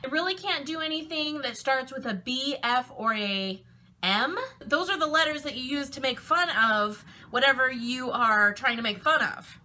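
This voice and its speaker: A woman's voice: high voice, moderate pace, sharp tone. A woman chatting playfully while cooking in her home kitchen, talking to her food as she goes. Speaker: cooking vlogger. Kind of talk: casual chat while cooking.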